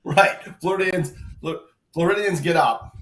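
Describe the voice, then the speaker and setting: A man's voice: on the high side, measured pace, fairly bright tone. A man chiming in with sarcastic jokes during a casual chat on a live stream. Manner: sarcastic, joking interjections. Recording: roomy, off-mic sound.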